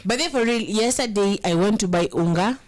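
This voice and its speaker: Kenyan female co-host, casual chat, mid-pitched, chatty, mixes in Swahili. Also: brisk.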